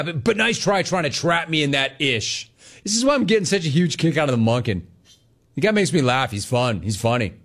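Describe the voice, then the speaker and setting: A man hosting a sports talk show, riffing through opinionated commentary. His pitch swings widely as he slips into mocking impressions, and he laughs often.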